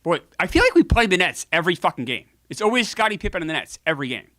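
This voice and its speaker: A man's voice: high-pitched, sing-song, very fast, sharp tone, no room sound. A man hosting a casual video game playthrough, joking with viewers and cursing freely as he comments on the game. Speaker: gaming show host.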